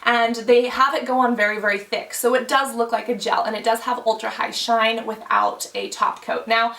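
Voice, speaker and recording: A woman's voice: fairly high pitch, fairly even intonation, moderate pace, gravelly, a bit bright, echoey room, distant mic. A woman beauty vlogger talking casually to camera, chatty, thinking aloud with many fillers. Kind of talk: casual explainer talk to camera.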